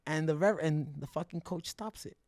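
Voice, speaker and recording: Profane, animated storytelling fighter, man. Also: fairly high pitch, moderate pace, dry recording. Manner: profane, animated storytelling with acted-out quotes and slang. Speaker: guest fighter. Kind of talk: casual storytelling in a podcast interview.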